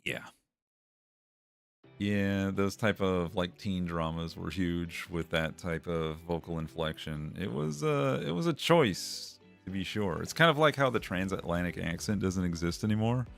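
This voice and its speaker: A deep-voiced man chats casually with his stream, wry and rambling. Laughter breaks into his talk again and again, and faint music plays behind him. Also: a little slow, gravelly. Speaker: streamer reading chat. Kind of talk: casual chat.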